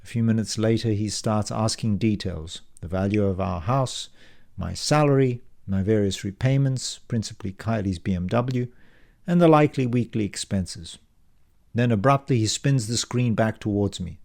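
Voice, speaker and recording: A man reading his own novel aloud as a first-person audiobook, in a measured, descriptive storytelling manner. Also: fairly low pitch, creaky, darkish tone.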